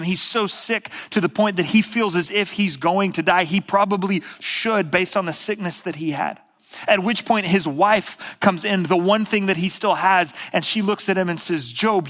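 A man's voice: high voice, a bit bright. A man preaching a sermon as a pastor, telling a story with repeated, emphatic phrases and casual asides.

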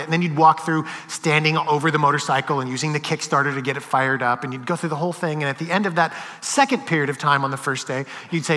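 A man preaching a sermon who tells stories, swinging from loud and animated to hushed and slow. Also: fairly high pitch, long reverb tail. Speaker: pastor. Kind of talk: sermon with storytelling.

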